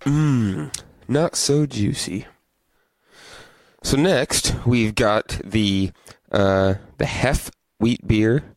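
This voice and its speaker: A man's voice: mid-range voice, drawn-out words, gravelly, no room sound, low-quality recording. A man co-hosting a podcast, chatting casually and rambling about movies and beer. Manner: relaxed, rambling, reads beer labels aloud. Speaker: podcast co-host. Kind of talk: casual chat.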